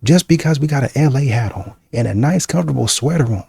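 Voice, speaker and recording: A man's voice: mid-range voice, animated, fast talker, gravelly, hardly any pauses, a little mellow, husky, dry recording. A man hosting a reaction channel, talking bluntly and repetitively in casual slang. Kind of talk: casual commentary.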